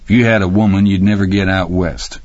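A man voicing a crude, rowdy, cackling middle-aged man with a high, yelping voice and backwoods slang. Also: fairly even intonation, a little fast, dry recording. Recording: dry, slightly muffled recording.

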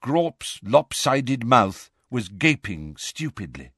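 A man narrating a storybook, expressive and varied, doing character voices. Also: medium pitch, takes it slowly, breathy edge, dry recording, studio quality. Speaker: audiobook narrator.

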